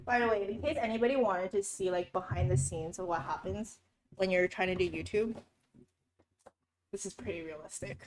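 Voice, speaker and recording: A woman's voice: medium pitch, normal speed. A young woman filming a casual cooking vlog at home, chatty and a bit flustered, giggling and talking herself through each step. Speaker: YouTuber cooking for viewers. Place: home kitchen. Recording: roomy kitchen echo, faint noise.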